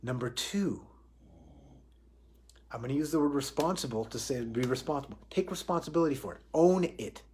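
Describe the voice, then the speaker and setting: A man's voice: on the high side, lively intonation, normal speed, darkish tone, slight background noise. A man giving a live spiritual talk on responsibility in a reflective way, often restarting phrases and asking himself questions aloud. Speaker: spiritual teacher.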